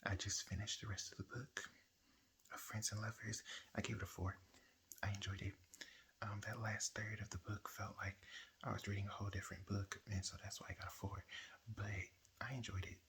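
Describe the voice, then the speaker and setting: A man's voice: on the low side, flat delivery, a little fast, fairly bright tone, poor audio. A man whispering through a late-night book vlog as a reviewer, repeating himself in exasperation. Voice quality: breathy whisper.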